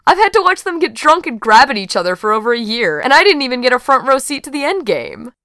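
A woman's voice: high-pitched, sing-song, quick pace, fairly bright tone, no echo, studio quality, voice pushed up, heavily acted. A woman voicing a nosy young man who speaks in a whiny, suspicious way. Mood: aggrieved.

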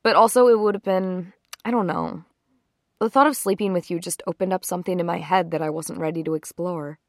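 A woman's voice: fairly low pitch, a little fast, no echo, studio quality, lightly acted. A woman voicing a nervous young woman who hesitantly confides in her boyfriend, during a story reading. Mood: confiding. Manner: hesitant, soft and confessional. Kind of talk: story reading with character voices.

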